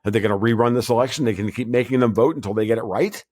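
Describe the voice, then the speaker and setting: Casting: male podcast guest, mid-pitched, blunt, rambling, lots of restarts. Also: racing, a little mellow. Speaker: guest commentator. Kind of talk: casual podcast interview.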